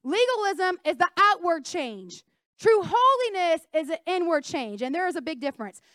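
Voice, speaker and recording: Young female preacher, high pitch, dry close-mic sound, emphatic call-and-response sermon delivery. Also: big pitch swings, moderate pace, a bit bright, no echo.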